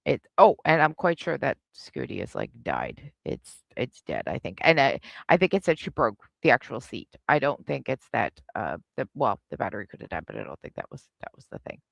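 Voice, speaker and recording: A woman hosts a live reaction stream and comments on clips with sarcastic, snarky asides. Her voice is gravelly with plenty of fry and swings widely in pitch. The sound is close and dry, with no room behind it. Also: huge pitch swings, fairly quick, few pauses, dry recording, highs cut off.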